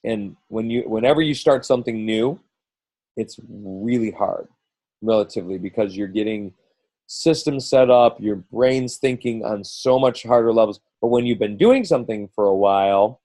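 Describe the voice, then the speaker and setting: Rambling middle-aged man, dark dry voice. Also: on the low side, normal speed, no room sound, rough recording. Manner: rambling, full of restarts and quoted asides. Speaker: team coach leading a group call. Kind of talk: casual coaching talk.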